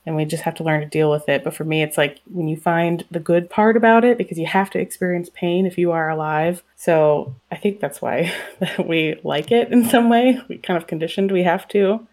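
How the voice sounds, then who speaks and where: Candid chatty woman, casual conversation, lower voice. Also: normal speed, hardly any pauses, a little mellow. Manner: candid, chatty, laughs easily. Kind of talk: casual chat.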